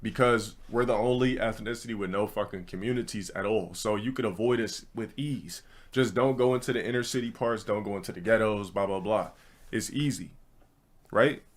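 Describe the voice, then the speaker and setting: Low-voiced man ranting to his chat. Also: moderate pace. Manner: rambling storytelling, blunt and profane. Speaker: streamer. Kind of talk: casual ranting monologue to a live chat.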